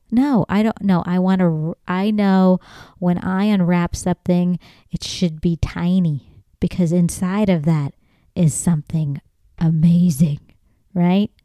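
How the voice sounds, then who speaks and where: A woman hosting a podcast alone, ranting in a casual, profane way, getting loud and emphatic as she goes. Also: mid-range voice, clear, resonant tone, no room sound. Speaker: podcast host. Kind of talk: casual solo monologue.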